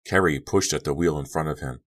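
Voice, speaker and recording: Very deep-voiced male audiobook narrator. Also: a little fast, a bit bright. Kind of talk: scripted narration.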